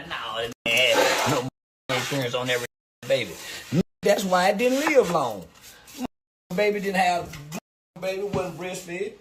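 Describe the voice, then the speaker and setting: A man taunting someone in a livestream rant, breaking into cackles again and again. His voice sits fairly high and swings widely up and down as he mocks. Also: expressive, takes it slowly, long pauses, noisy background. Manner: mocking, cackles often between lines.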